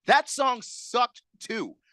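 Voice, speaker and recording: A man's voice: extremely high pitch, very animated, very slow, sharp tone, dry recording, studio quality. A man co-hosting a sports radio show, ranting emphatically in casual banter.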